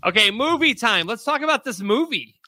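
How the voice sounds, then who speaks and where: Male co-host, animated and upbeat, steers the show, dry mic. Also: very high-pitched, brisk, dry recording. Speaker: co-host taking callers. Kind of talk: radio-style talk show hosting.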